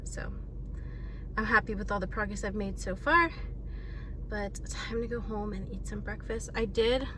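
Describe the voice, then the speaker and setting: A woman's voice: mid-range voice, moderate pace, long pauses, noisy background. Winded young woman after a run. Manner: quiet, winded, reflective. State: out of breath.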